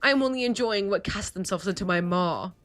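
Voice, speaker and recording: A woman's voice: medium pitch, a little fast, fairly bright tone, lightly acted. A woman voicing a pompous masked vampire prince who speaks in grand, archaic phrases while reading game dialogue on a stream. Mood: haughty. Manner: archaic, grandiose speech with thee and thou.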